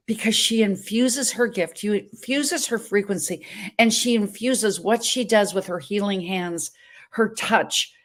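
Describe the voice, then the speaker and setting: A woman in her seventies hosting a talk show, telling a story in an emphatic, dramatic way from a hotel room. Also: mid-range voice. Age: 70s. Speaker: show host.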